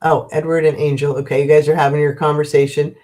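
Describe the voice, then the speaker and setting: Gentle rambling woman hosting a livestream. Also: deep voice, level tone, quick pace. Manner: gentle, rambling, many fillers and restarts. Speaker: spiritual livestream host. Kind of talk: casual live chat with viewers.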